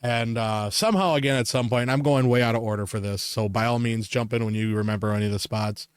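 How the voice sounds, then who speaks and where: A man's voice: mid-range voice, quick pace, smooth, dry recording, studio quality. A man co-hosting a podcast, telling a story in casual chat, swearing often and laughing as he talks. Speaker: podcast co-host.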